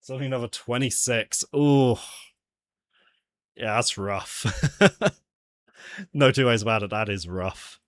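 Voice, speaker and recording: A man's voice: medium pitch, a little slow, pauses often. A man with an ordinary mid-range voice talks loosely as he works on his project, laughing often. He mutters asides to himself between bursts of chatter. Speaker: game developer streaming his jam entry. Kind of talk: casual livestream chat while working.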